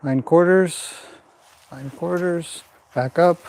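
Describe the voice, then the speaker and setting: A man training a horse in a pen, calmly explaining what he does while softly praising and directing the animal. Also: a little high, slow pace. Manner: calm running commentary mixed with soft praise to the horse.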